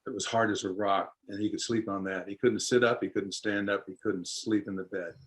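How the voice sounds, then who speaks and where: A man telling an old story in an interview, unhurried and folksy, lightly acting out the voices of its people. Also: lowish voice, steady tone, poor audio. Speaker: storyteller and musician.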